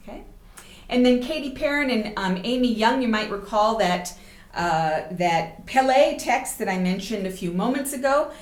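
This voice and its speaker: A woman's voice: fairly high pitch, expressive, moderate pace. A woman teacher educator giving a recorded lecture, explaining examples step by step and checking in with "okay?". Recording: roomy echo.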